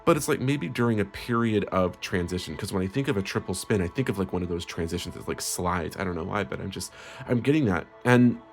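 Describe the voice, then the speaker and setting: A man's voice: low voice, expressive, a little fast. A man hosting a comedic parody tarot reading, sugary and melodramatic with frequent swearing. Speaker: tarot reader host.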